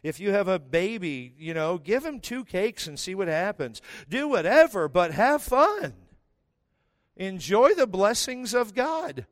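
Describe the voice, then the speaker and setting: A middle-aged man with a slightly high voice tells funny family stories as part of a sermon. His delivery is quick with joking asides, recorded close and dry. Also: sing-song, no echo. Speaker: preacher. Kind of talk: humorous sermon storytelling.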